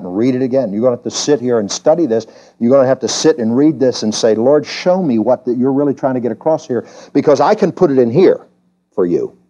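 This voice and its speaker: A man preaching an evening sermon in church, emphatic and questioning the congregation, often climbing high in pitch to stress a point. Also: warm tone, lo-fi sound. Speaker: pastor. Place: church during a service.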